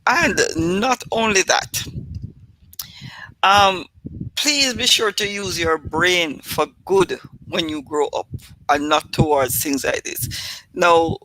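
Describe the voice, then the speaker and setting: A woman's voice: on the low side, takes it slowly, pushed and bright, a little hiss or hum, low-quality recording. A middle-aged woman with a Jamaican accent hosting a live stream, chatty and laughing at her own stories. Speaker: host. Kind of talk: casual live-stream storytelling.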